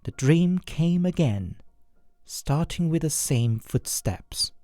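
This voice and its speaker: A narrator telling a first-person horror story in a scripted, expressive way. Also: mid-range voice, takes it slowly, dry recording, clean studio sound, soft background music.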